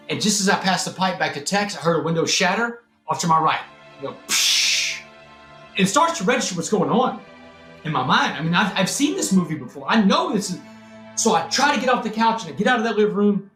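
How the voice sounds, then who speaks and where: A man's voice: on the high side, bright, forceful tone. A man from Texas, a podcast guest telling his personal story dramatically and acting out the voices of others. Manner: dramatic, acts out quoted voices. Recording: roomy echo with faint music behind.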